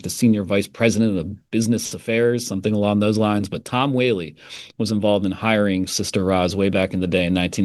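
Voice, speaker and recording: Male podcast host, lowish voice, relaxed conversational delivery, dry close mic. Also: no room sound. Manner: relaxed, conversational, with frequent fillers. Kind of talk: casual interview podcast.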